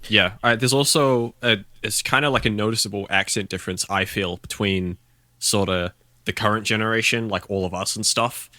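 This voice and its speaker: Bright-voiced New Zealand man chatting. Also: fairly low pitch, fairly even intonation, normal speed, no echo. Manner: laid-back, rambling with fillers. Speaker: podcast guest. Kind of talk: casual chat.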